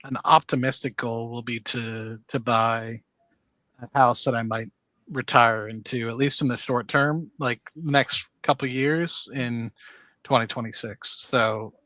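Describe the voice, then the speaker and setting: A man hosting a live stream, speaking in a measured way with frequent filler words. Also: medium pitch, steady tone, sharp tone, no echo, rough recording. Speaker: stream host. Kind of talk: casual chat.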